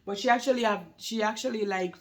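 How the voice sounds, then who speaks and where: A woman's voice: medium pitch, fast talker, background noise. A woman chatting casually to camera about being a new mother, rambling and laughing often, with a slight lingering cold.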